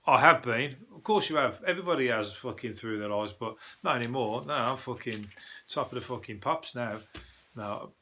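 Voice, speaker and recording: A man's voice: medium pitch, moderate pace, sharp tone. A man with a Birmingham accent, a comedian doing a rambling, blunt, swear-laden comic review of the news. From Birmingham, England.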